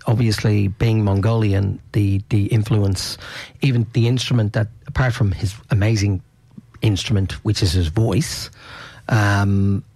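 A male radio host with a low, gravelly, husky voice. He chats in a loose, rambling way and doubles back on his words. The sound is close and dry. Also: a little mellow, dry recording. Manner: rambling, repeats words, laughs easily. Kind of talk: casual radio chat.

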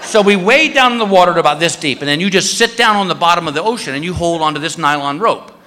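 A man doing a stand-up comedy routine, telling a story with lively shouts and voices. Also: a little high, quick pace. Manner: animated storytelling, many put-on shouts. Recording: live club with long reverb and faint noise.

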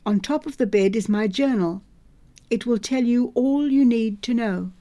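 A woman voicing a captured male frontier soldier who answers in flat, terse, guarded replies. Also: fairly high pitch, moderate pace, natural voice.

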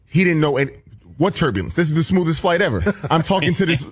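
A man's voice: fairly high pitch, expressive, fast talker, slightly rough. A man co-hosting a casual chat show, telling a gossipy anecdote. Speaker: co-host.

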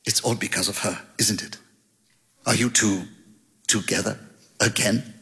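Brief: hoarse, forced, jealous young woman on a call, done by a male reader, low and hushed, storybook. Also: steady tone, a little slow, in a large hall, full character voice. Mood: accusing. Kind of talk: audiobook reading.

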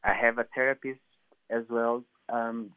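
A man calling in to an advice show, soft and halting, close to tears. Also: medium pitch, level tone, clear, resonant tone, dry recording. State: tearful, close to crying. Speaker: caller. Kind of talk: phone-in call. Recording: tinny dry phone line.

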